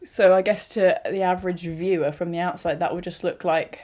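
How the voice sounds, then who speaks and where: A young woman, talking through a casual vlog in a chatty, animated way with self-mocking asides. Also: on the low side, fairly quick. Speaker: YouTuber.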